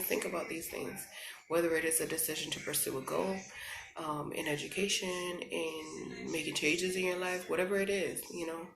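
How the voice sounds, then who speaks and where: Gravelly, bright woman vlogging in an echoey room. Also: low voice. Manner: earnest, encouraging, faith-driven; chatty with many you-knows and y'alls. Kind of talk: casual motivational talk to camera.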